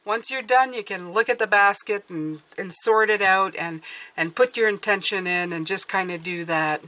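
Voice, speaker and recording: A woman's voice: mid-range voice, moderate pace, bright, forceful tone. A woman giving a casual tarot reading, chatty and often restarting her words. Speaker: tarot reader.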